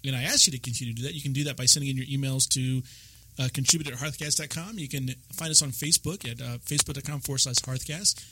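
A man's voice: mid-range voice, quick pace, pushed and bright, slight background noise, rough recording. A man hosting a podcast, chatting casually with guests and laughing often. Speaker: podcast host. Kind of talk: casual chat.

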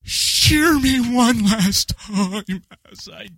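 A podcast co-host doing a comic impression of a hammy older male actor dying melodramatically, with overwrought shouting broken by laughter. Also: mid-range voice, lively intonation, extremely slow, slightly rough, no echo, pitched above the performer's own voice, exaggerated voice. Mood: melodramatic.

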